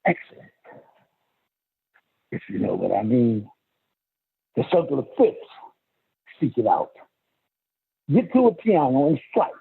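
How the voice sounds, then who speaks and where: Slow raspy guy rambling and half singing, gravelly, tinny phone sound. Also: very animated. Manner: slow, musing, half-sung delivery with sudden high jumps. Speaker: self-styled spiritual teacher. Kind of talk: rambling spoken monologue with singing. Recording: phone-quality lo-fi audio.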